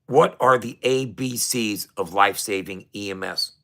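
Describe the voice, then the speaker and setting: A man talking casually to camera, profane and excitable, often restarting his sentences. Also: on the low side, normal speed, gravelly. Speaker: vlogger.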